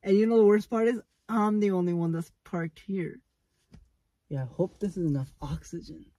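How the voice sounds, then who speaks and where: A man's voice: high-pitched, normal speed, dark tone, no echo. A young man vlogging on a road trip from his car, rambling and nervous, poking fun at himself. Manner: rambling, nervous, self-mocking. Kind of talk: casual road-trip vlog. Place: inside a car.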